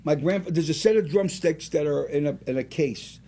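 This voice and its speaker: Gravelly-voiced man around seventy. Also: on the high side, normal speed. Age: about 70. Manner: animated, rambling anecdotes. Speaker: singer and restaurant owner, guest. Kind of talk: casual storytelling interview.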